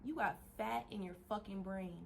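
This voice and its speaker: A woman vlogger giving a casual motivational rant, animated, laughing often and swearing freely as she rambles with restarts. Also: medium pitch, normal speed, vocal fry, slight background noise.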